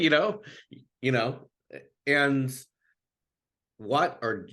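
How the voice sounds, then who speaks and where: A man who coaches queer youth, talking earnestly as an interview guest, halting and restarting often. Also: lowish voice, pushed and bright.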